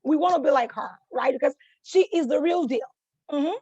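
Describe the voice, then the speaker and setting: A woman hosting a motivational masterclass, energetic and encouraging, who keeps checking in with her audience and repeats phrases for emphasis. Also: high voice, moderate pace, no room sound, highs cut off. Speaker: life coach hosting a masterclass. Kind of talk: motivational teaching talk.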